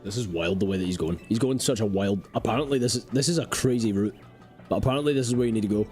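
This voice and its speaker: A man's voice: on the low side, fast talker, darkish tone, soft background music. A young adult man giving live gameplay commentary, rambling and joking as he talks to his chat. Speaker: game streamer.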